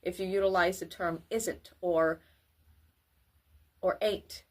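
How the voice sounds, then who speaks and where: A woman giving a grammar lesson for children, with careful, formal wording and deliberate delivery. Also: lowish voice, fairly even intonation, darkish tone. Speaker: teacher.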